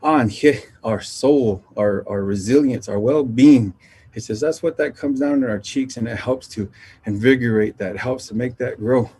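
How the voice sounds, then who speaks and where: A man, from the Nation, sharing traditional teachings in a gentle, unhurried storytelling talk that pauses and circles back. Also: medium pitch, breathy edge. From Navajo Nation.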